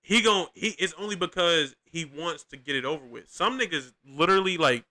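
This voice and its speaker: Fairly high-pitched and a little fast, this young male podcast host's voice sounds bright and forceful. He reacts to clips with loose, rambling commentary, swearing freely, using lots of slang, and restarting often.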